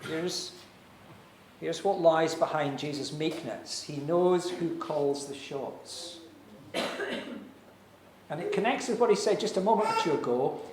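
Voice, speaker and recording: High-voiced man preaching in echoey church. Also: darkish tone, a little hiss or hum. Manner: earnest, persuasive preaching with dramatic pauses. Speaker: pastor. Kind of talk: sermon. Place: church hall.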